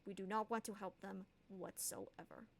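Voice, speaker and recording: A woman voicing a blunt male half-orc envoy with a deep, gravelly voice. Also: steady tone, normal speed, slight background noise, lightly acted. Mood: hostile. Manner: blunt, refusing.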